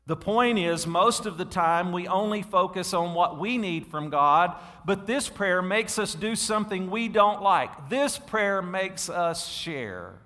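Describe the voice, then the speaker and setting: Preacher, man in his 40s, bright tone, lively call-and-response, church hall echo. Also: high-pitched, unhurried, few pauses. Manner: animated, calls out to congregation, swings loud and soft. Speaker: pastor. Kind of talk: sermon. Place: church sanctuary. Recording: long hall reverb.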